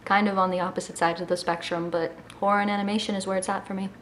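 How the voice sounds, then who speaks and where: A vlogger in her early twenties talks very fast at a medium pitch, with little movement in her voice. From Miami, she carries a slight Miami accent and keeps things sassy, jokey and casual while filming at home in California on a camera mic.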